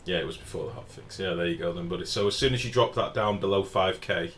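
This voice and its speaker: A man casually narrates his game stream, fielding viewer questions and dropping the odd swear word, from a home room whose open window lets in faint street noise. He talks fast in a low voice with a slightly bright tone.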